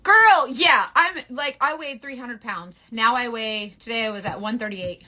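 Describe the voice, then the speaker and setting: A woman's voice: a little high, unhurried, pushed and bright. A woman in her forties hosting a casual live makeup stream, chatty, rambling and candid with her viewers. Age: 40s. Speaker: beauty livestream host.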